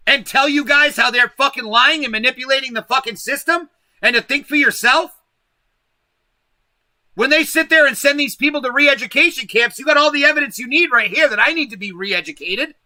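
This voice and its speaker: A man's voice: very high voice, bright, forceful tone, no room sound. A man hosting a livestream, delivering a profane, emphatic political rant straight to his viewers. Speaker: livestream host. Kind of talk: ranting political livestream monologue.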